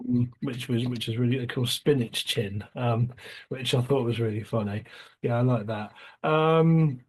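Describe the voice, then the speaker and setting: A man co-hosting a casual film podcast, talking hesitantly with many fillers and quick agreements. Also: mid-range voice, slight background noise. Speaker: podcast co-host.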